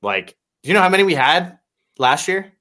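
Bright-voiced excitable man. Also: a little high, moderate pace. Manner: excitable, gushing fan enthusiasm. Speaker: podcast guest. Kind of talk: casual podcast chat.

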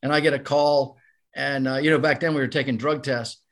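An older man with a gravelly, creaky voice tells a long story on a podcast. He is animated and acts out the voices of the people he quotes. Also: mid-range voice, fairly quick, noisy background. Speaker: podcast guest, former ballplayer. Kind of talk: casual storytelling.

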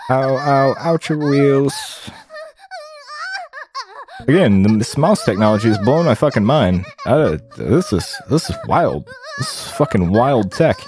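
A man's voice: lowish voice, wildly swooping pitch, normal speed, background noise. A man commentating while he plays a game, incredulous, swearing often and laughing at what is on screen. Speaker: gamer.

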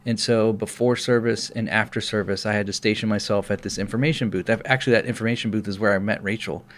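A man's voice: on the low side, fast talker, a little hiss or hum. A middle-aged pastor telling a personal story in casual podcast chat, acting out the people he quotes. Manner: animated storyteller, acts out quoted voices.

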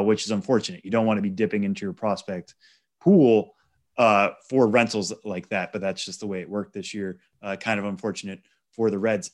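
Podcast co-host, male, lower voice, methodical stat-laden explainer. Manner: measured, stat-heavy explaining. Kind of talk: casual sports chat.

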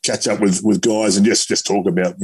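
An Australian man, a former rugby player, chatting casually in a halting way with lots of fillers and repeats. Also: on the low side, flat delivery, a little mellow, husky. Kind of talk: casual chat.

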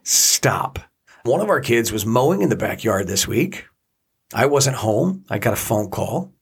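A man co-hosts a casual chat show and vents like a fed-up parent. His voice is husky, and its pitch swings up and down with an animated, exasperated edge. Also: normal speed. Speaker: podcast co-host, parent.

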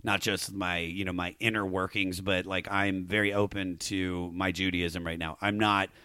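Late-30s male podcast host, low bright voice, dry close sound, jokey and profane. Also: level tone, normal speed, clean tone, no echo. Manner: joking, profane, jumps into bits with high loud voices. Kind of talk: casual comedic chat.

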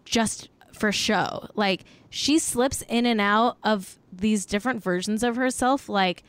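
A young woman hosts a podcast from her desk at home over a video call, her voice smooth and clear. She talks casually and bluntly, swears freely and fills her sentences with "like." The sound is dry and close, with no room echo. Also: medium pitch, takes it slowly. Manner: frank, swears freely, heavy use of "like". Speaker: podcast host. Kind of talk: casual chat.

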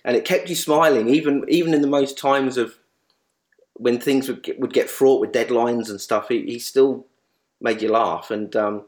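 A man in speedway journalism, sharing memories of a late colleague in a halting, repetitive way, often restarting sentences. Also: medium pitch, darkish tone. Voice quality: halting, many restarts and repeats. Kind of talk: emotional tribute reminiscence.

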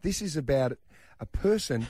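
A man's voice: a little high, normal speed, no room sound, studio quality. A middle-aged man telling a self-mocking story on air. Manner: animated, self-mocking, acts out quotes. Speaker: radio host. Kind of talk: casual storytelling.

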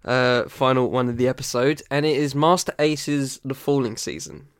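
A man's voice: mid-range voice, fairly even intonation, moderate pace, clear, resonant tone, no room sound, studio quality. A young man with an English accent hosting a casual music podcast, chatty and slangy, laughing often. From England. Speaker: podcast host.

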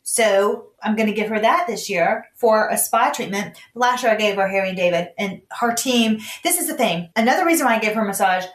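A woman's voice: mid-range voice, fairly quick, hardly any pauses. A woman with a Southern accent, co-hosting a podcast in casual, enthusiastic chat that often trails off mid-sentence. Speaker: podcast co-host. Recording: roomy echo.

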